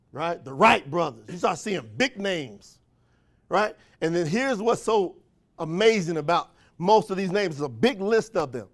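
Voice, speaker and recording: A motivational speaker at a sales training, this man has a high, bright voice and addresses an event room in folksy, country-style language. He leans heavily on call-and-response, shooting rapid questions at his listeners.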